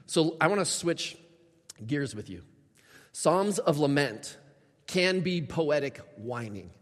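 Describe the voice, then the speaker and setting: A man's voice: on the high side, big pitch swings, slow pace, long pauses. A man preaching a sermon as a pastor, emphatic and acting out prayers in a lifted voice. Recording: reverberant hall sound.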